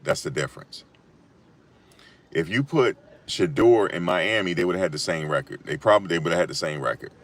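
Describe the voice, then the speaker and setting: A man giving casual, emphatic sports talk on a live stream, repeating his points and rising to loud peaks. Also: low voice, expressive, brisk. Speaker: sports commentator.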